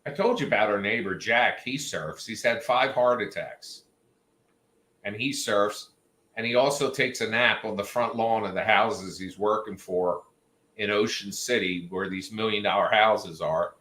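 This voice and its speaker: A man's voice: lowish voice, measured pace, pushed and bright. A man hosting a livestream, telling rambling, jokey stories in a casual chat with his viewers. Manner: chatty storyteller, jokey asides. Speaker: livestream host. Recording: roomy echo.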